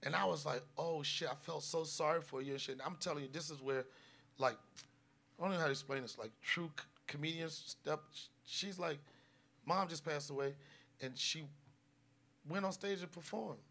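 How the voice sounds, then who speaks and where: A man hosting a live comedy podcast, telling stories loudly and with swearing, and dropping his voice low for serious moments. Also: normal speed, gravelly. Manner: loud, profane storytelling, drops low for serious moments. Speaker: podcast host.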